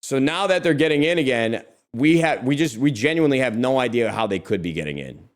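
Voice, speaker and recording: Animated, profane man telling a story. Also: medium pitch, a little fast. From lives in Texas. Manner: animated, profane, calls listeners bro. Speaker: podcast host. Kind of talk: casual storytelling chat.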